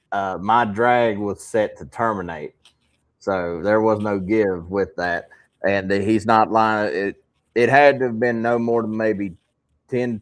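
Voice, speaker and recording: A man hosting a podcast, telling fishing stories in a calm, dry way with some laughs. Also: on the low side. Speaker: podcast host. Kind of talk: casual podcast chat.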